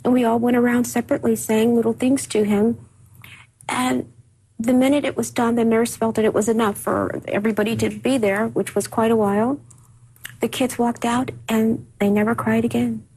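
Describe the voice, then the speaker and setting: A woman being interviewed on TV, recalling personal events in halting speech full of repeated words and restarts. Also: on the high side, fairly even intonation, darkish tone, slight background noise, poor audio. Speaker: interview guest. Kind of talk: emotional personal recollection in a TV interview.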